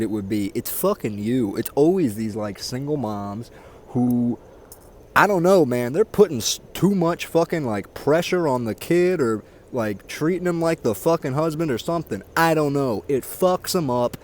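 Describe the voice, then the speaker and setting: A man's voice: medium pitch, animated, normal speed. Profane ranting man outdoors. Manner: crude, heated, mocking, swears constantly. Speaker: vlogger. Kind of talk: casual profane rant to camera. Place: outdoors near water.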